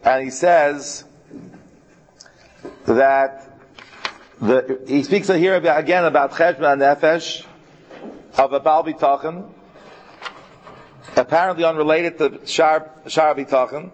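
Man, Torah class lecture, earnest, slightly high voice, slow stress on verses, muffled lo-fi recording. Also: steady tone. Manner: earnest, mixes Hebrew terms into English; slows right down to stress key verses. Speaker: Torah teacher.

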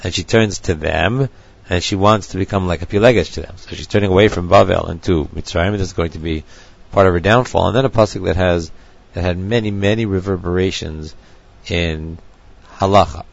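A man teaching a text lecture, measured and thinking aloud as he goes. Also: low voice, gravelly, dull audio. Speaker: Torah teacher.

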